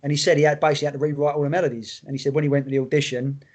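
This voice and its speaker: A man's voice: on the high side, very fast. Laid-back man rambling casually. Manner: relaxed, rambling, swears casually. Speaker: podcast co-host. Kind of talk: casual chat about music.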